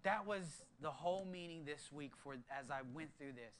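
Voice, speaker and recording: Male pastor preaching, high bright voice, drops to hushed earnest tones then bursts with excitement. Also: moderate pace, a little hiss or hum. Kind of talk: sermon.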